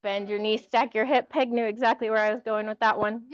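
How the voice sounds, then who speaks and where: Lady leading yoga, kinda high voice, dry and a bit muffled, chill encouraging cues. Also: fairly quick, dry recording. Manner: encouraging, light laughs, calm cues. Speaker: yoga teacher. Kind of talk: guiding a yoga class. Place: yoga studio with music.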